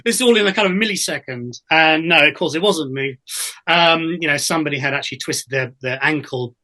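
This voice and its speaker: Guy telling theatre stories on a podcast, kinda high bright voice, lots of ums and restarts. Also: a little fast. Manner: chatty storyteller with many fillers and restarts. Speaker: guest, actor and voiceover artist. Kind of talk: casual interview anecdotes.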